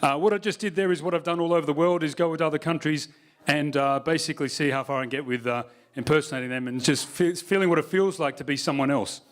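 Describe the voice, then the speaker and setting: A man's voice: a little high, fast talker. A man giving a stand-up comedy keynote on a live stage, wry and conversational with the audience. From Australia. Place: live stage at a university event.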